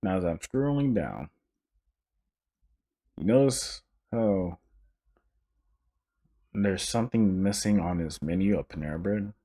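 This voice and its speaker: A young man hosting a casual solo podcast, ranting in an animated, profane and joking way, often restarting his sentences. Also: sits low, slow, long pauses. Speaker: podcast host.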